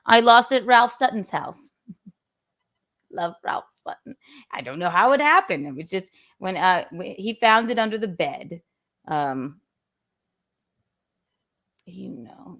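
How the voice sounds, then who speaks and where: A woman's voice: lowish voice, fairly bright tone. A woman hosting her own live stream in a casual, playful and theatrical way, humming nonsense sounds as she adjusts her studio mic. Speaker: host. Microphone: own studio mic, adjusting its volume.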